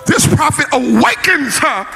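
A man preaching a sermon in a shouting, sing-song cadence, repeating phrases and calling out to the congregation in a folksy way. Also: extremely high pitch, big pitch swings, unhurried, creaky, loud music behind the voice. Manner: folksy, repetitive call-outs to the congregation.

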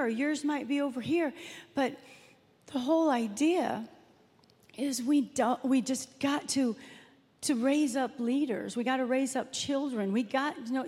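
A woman's voice: sits high, darkish tone, breathy edge. A woman pastor preaching a sermon in a church, telling a story in a conversational way and acting out the quotes. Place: church sanctuary. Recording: long hall reverb.

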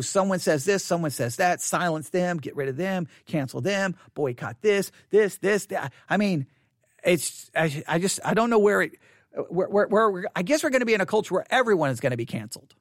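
Podcast host wrapping up news commentary, low-key and reflective, dry close sound. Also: dry recording.

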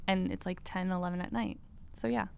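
A woman's voice: fairly low pitch, steady tone, brisk, vocal fry, smooth. A woman in her forties from upstate New York co-hosting a casual business chat, talking with lots of "like" fillers. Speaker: podcast co-host, salon owner.

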